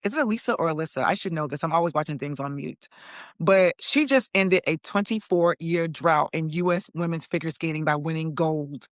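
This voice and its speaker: Her low-pitched voice moves fairly quickly over clean, echo-free studio sound. A woman in her forties, she hosts a podcast talk show of casual opinion commentary, sassy and chatty, calling listeners "honey" and saying "okay."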